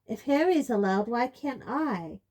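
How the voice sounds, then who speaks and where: A touchy, insecure teenage boy who speaks with heat, as a woman reader puts him on. The delivery is slow and mellow. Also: on the high side, expressive, pitched above the performer's own voice.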